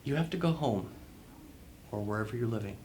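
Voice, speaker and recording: Fairly quick and expressive, this man's fairly low voice is a little mellow as he's interviewed as a guest author. He gives motivational advice emphatically, repeating phrases for effect, with slight background noise present.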